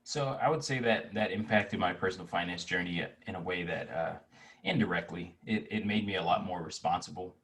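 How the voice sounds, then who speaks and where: A man in his twenties speaks as an interview guest in a very low, deep voice. He sits back from the microphone and talks in a loose, rambling way, with plenty of fillers and restarts. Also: a little fast, fairly bright tone, distant mic. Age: 20s. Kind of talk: casual interview chat.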